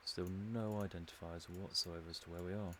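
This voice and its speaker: Deep-voiced English man musing aloud. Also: steady tone, a little fast, bright, forceful tone, a little hiss or hum. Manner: musing, rambling, dry humour. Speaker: streamer. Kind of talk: casual commentary while playing.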